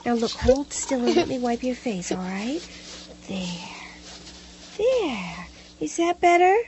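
A gentle young mother soothes her son in a radio drama, her high voice soft and reassuring. A faint hiss sits under it. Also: big pitch swings, normal speed. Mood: soothing.

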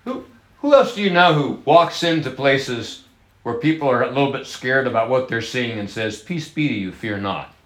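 A man preaching a sermon, lively and chatty with his congregation, slowing down to stress key words and laughing often. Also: medium pitch, roomy sound. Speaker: pastor.

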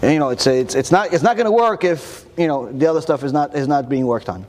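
A man giving a Torah lecture to an audience, animated and full of rhetorical questions, often repeating words while he searches for the next one. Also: a little high, fast, big-room sound, a little hiss or hum.

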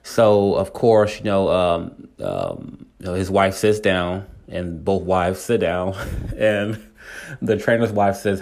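Low voiced guy on his podcast just rambling through a story, tons of you knows and restarts. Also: unhurried, creaky, darkish tone. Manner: rambling, many fillers and restarts. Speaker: podcast host. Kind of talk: casual storytelling.

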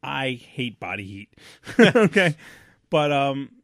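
A man's voice: medium pitch, big pitch swings, takes it slowly, dry recording, studio quality. A man co-hosting a casual podcast chat about family life, telling stories bluntly with lots of restarts and casual swearing. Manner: rambling storyteller with many restarts and fillers. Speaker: podcast co-host; father of young children.

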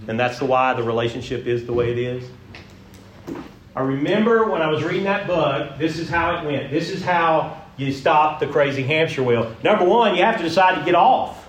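A man leading an interactive sermon, folksy and animated, asking the room questions. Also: fairly high pitch, moderate pace, slight background noise. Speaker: pastor leading a group session. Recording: roomy echo, mic at a distance.

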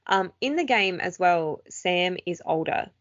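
A woman co-hosting a podcast, chatting casually and reacting with quick exclamations. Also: fairly low pitch, animated, no echo. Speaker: podcast co-host. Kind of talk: casual chat. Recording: dry, slightly dull lo-fi sound.

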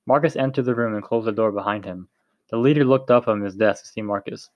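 A man's voice: on the low side, fast talker, no echo, muffled recording. A man reading a story aloud in a plain way, with frequent slips and restarts. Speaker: narrator.

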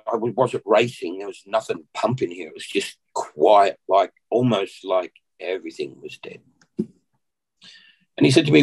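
Appearing as a podcast guest, an Australian man earnestly recounts a personal story in a gravelly, husky voice of medium pitch that's a little mellow. He takes his time, clears his throat often, and the recording quality is low.

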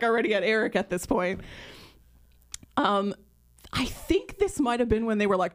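Here her voice sits on the high side and moves a little slowly. As a podcast co-host in her thirties, she tells a lively story in casual conversation, performing the characters' voices.

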